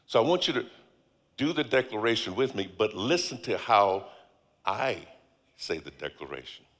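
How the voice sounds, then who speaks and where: Middle-aged male guest preacher, low voice, emphatic drawn-out phrasing, big reverberant sanctuary. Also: expressive, fairly bright tone. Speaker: guest speaker. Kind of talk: sermon. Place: large church hall. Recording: long hall reverb.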